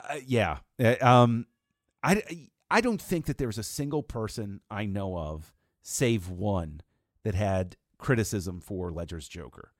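A man with a somewhat low voice, talking through a film in a relaxed podcast chat. He reasons step by step, restarting sentences as he builds each point. The sound is dry and close, with no room around it. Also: dry recording. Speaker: podcast co-host. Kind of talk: casual podcast discussion.

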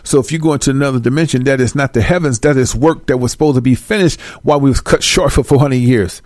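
A male preacher who talks straight at his listeners in a blunt, profane and scolding way. His pitch sits mid-range and the sound is close and dry. He leans on repeated words for emphasis. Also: quick pace, darkish tone, no echo. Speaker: religious teacher. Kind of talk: street-style preaching with scripture reading.

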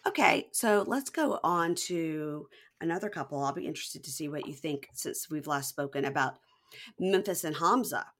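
Lively woman in her 40s gossiping on a podcast, lowish voice, does silly voices for the people she quotes. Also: moderate pace. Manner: animated, acts out quotes in exaggerated voices. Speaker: podcast co-host. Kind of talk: casual chat recapping a reality show.

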